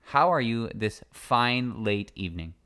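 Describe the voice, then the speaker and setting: A man's voice: medium pitch, animated, a little slow, bright, forceful tone, smooth. A man hosting a podcast in casual chat, playful and joking as he runs promos and talks with his co-host.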